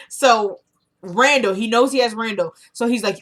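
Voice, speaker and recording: A woman's voice: fairly high pitch, normal speed, a bit bright. A woman casually recapping a TV drama episode, animatedly acting out the characters' lines as she tells it. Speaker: TV episode reviewer.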